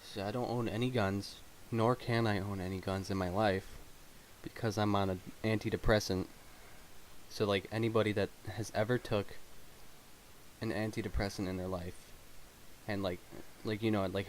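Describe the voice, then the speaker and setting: A man's voice: lowish voice, steady tone, moderate pace, rough recording. A young man hosting a podcast in casual chat, joking, laughing often and reading news headlines aloud. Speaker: podcast host. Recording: faint hiss.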